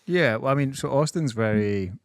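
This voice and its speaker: A man's voice: mid-range voice, animated, moderate pace, no room sound, clean studio sound. A young man, a comedian guest, telling a story in casual podcast chat, laughing, swearing and acting out the people he quotes.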